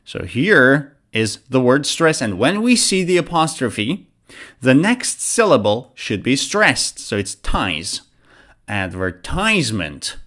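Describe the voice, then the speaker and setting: Lively man teaching English intonation. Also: mid-range voice. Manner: slow, exaggerated demonstration of stress and intonation. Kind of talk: lesson narration with spoken examples.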